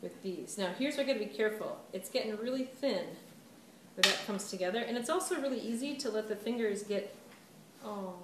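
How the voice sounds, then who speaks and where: A woman's voice: on the high side, quick pace. A woman art teacher giving a casual, chatty clay demonstration to a class, laughing at her own mistakes. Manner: chatty, self-deprecating, laughs often. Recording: roomy, distant camera mic with background noise.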